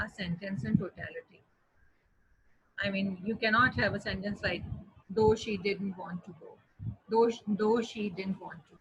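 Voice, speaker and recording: Husky-voiced woman teacher. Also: medium pitch, a bit bright, poor audio. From Pakistan. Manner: explaining patiently with repetition, slowing to spell out words. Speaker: English teacher. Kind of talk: classroom lesson.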